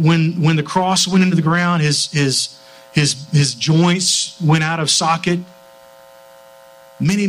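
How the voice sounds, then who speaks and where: The recording is poor, with a little hiss or hum, as this middle-aged preacher speaks in a fairly high, somewhat bright voice. His church sermon weaves family stories told with earnest feeling, and he often starts sentences over.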